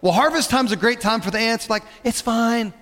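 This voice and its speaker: A man's voice: high-pitched, expressive, fast, a bit bright. A man preaching a sermon as pastor, in a conversational way, asking the congregation questions. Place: church sanctuary. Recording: long hall reverb.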